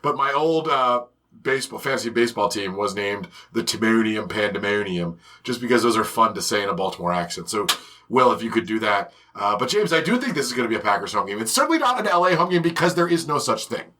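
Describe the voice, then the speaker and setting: A man's voice: fairly low pitch, fast. A man co-hosting a sports podcast who chats casually and cracks jokes. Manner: animated, joking. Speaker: podcast co-host. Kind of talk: casual chat.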